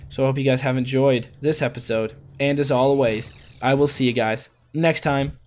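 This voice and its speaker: A man's voice: medium pitch, fairly even intonation, normal speed, a little mellow. A man hosting a let's play, narrating every move in a chatty way with goofy rhymes and wordplay. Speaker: gaming channel host.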